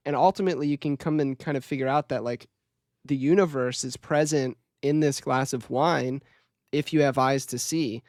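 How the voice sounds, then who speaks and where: A man in a podcast conversation who speaks in a relaxed, reflective way and laughs easily. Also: mid-range voice, moderate pace, no room sound, clean studio sound.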